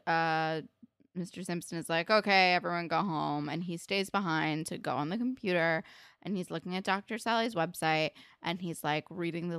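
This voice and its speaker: A woman's voice: lowish voice, a bit bright, smooth, no echo, studio quality. Chatty young woman recapping a show. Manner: chatty, filler-heavy, acts out quotes. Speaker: podcast co-host. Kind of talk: casual recap chat.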